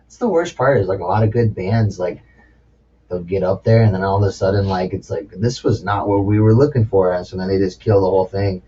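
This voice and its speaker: A man's voice: low-pitched, a little fast, mellow, husky. A man hosting a casual podcast, chiming in with short reactions and laughs. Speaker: podcast host. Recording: dull lo-fi sound.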